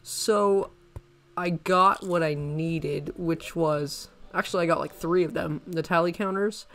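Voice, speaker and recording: A man giving let's-play commentary as a gaming channel host, excitable and rambling, often breaking into panicked exclamations. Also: on the high side, a little slow.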